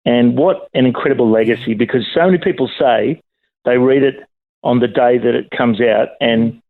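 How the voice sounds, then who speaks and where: A man's voice: medium pitch, moderate pace. Give me a middle-aged man chatting eagerly on a tinny phone line. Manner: chatty and enthusiastic, jokes around. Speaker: caller, radio presenter. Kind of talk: casual chat on a phone call.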